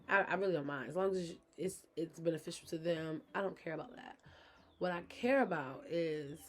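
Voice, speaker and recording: A woman talking frankly to her viewers in a personal vlog, chatty and open about being a mother. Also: lowish voice. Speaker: vlogger, mother of her kids. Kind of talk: candid personal vlog talk.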